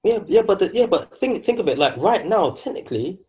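A man's voice: high-pitched, big pitch swings, fairly quick, mellow. A man interviewing a guest in casual chat, enthusiastic and pressing with follow-up questions.

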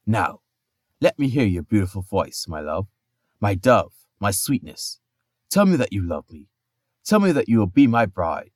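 A man's voice: big pitch swings, unhurried, no echo, clean studio sound. A man doing a pompous lovestruck giant. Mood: crooning. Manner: booming, then crooning.

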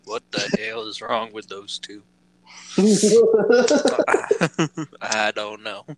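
A man's voice: on the high side, very animated, very slow, gravelly, a crowd in the background. A young American man from Delaware co-hosting a casual podcast while gaming, swearing and joking with a laugh never far off. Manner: profane, joking, laughs often. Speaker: podcast co-host.

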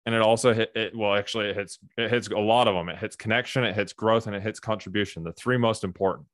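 A man with a fairly low voice speaks candidly as a podcast guest, earnest and animated, telling his story in quick bursts. The sound is close and dry, with no room around it. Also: no room sound. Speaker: burnout coach, podcast guest.

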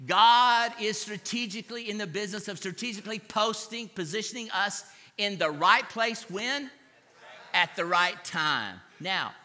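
Male pastor, sermon storyteller; high, very bright voice, long hall reverb. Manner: dramatic storytelling, acting out crowd reactions; asks the congregation to repeat after him.

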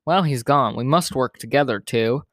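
A man voicing a calm woman schoolteacher who leads the school assembly in a children's storybook. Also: mid-range voice, normal speed, no room sound, clean studio sound, natural voice.

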